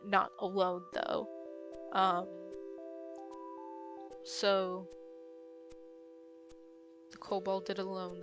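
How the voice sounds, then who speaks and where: A woman streamer reading game text aloud and thinking out loud, hesitant and full of ums. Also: mid-range voice, monotone, extremely slow, pauses often. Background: game music.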